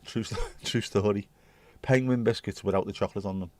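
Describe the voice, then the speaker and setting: A man's voice: fairly low pitch, steady tone, brisk. A man hosting a livestream, chatting to viewers in a rambling, jokey way and swearing casually. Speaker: livestream host.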